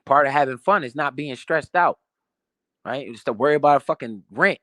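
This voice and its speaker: A man's voice: mid-range voice, normal speed, bright, forceful tone, no room sound, clean studio sound. A man giving a profane, emphatic motivational rant about money in a casual way. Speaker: motivational finance streamer.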